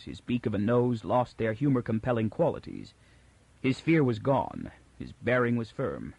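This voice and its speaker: Husky male audiobook narrator. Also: mid-range voice, darkish tone, no echo, muffled recording. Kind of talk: scripted narration.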